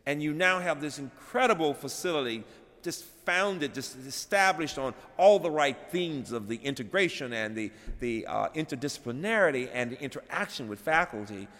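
A middle-aged man giving a dedication speech, telling a personal story and moving from hushed to loud and animated. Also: on the high side, moderate pace. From Birmingham, Alabama. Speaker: college president, plenary speaker. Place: large chapel. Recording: long hall reverb.

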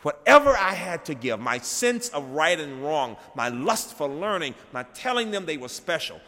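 Middle-aged man, dedication speech, storytelling, hushed to animated, medium pitch, long hall reverb. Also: moderate pace, few pauses. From Birmingham, Alabama. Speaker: college president, plenary speaker. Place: large chapel.

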